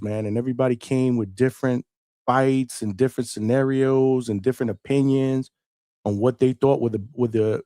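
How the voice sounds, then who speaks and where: A man hosts a live boxing stream in a loose, rambling monologue, dropping "man" and "bro" all through it. His voice sits at a middle pitch. The sound is dry, with no room echo. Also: warm tone. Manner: laid-back, profane, fills lines with "man" and "bro". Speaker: host of a boxing call-in show.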